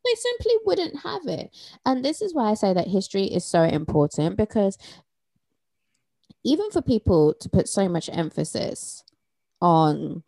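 A low-voiced woman with a mellow tone speaks emphatically on a podcast, her pitch swinging widely as she builds to forceful peaks. The recording is close and dry. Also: very animated, moderate pace, no echo. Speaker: podcast co-host. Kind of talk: casual chat.

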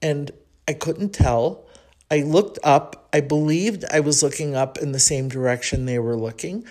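A woman with a Chicago accent hosts her own podcast and tells a story from her life. She speaks in a chatty, reflective way and thinks aloud. Her talk is full of small pauses and restarts. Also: low-pitched, dark tone. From Chicago, United States. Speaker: podcast host. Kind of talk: personal storytelling monologue.

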